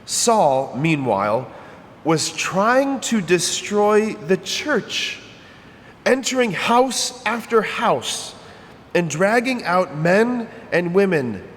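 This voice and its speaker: A man's voice: high voice, sing-song, extremely slow, long reverb tail. A male priest giving a homily in a conversational, emphatic way, often repeating his phrases.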